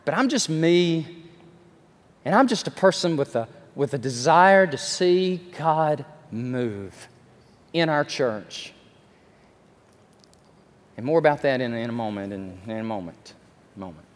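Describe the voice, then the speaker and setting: A man preaching a sermon as pastor, telling stories with animated energy and self-deprecating asides. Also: mid-range voice, slow pace, long pauses. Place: large church sanctuary. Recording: long reverb of a large hall.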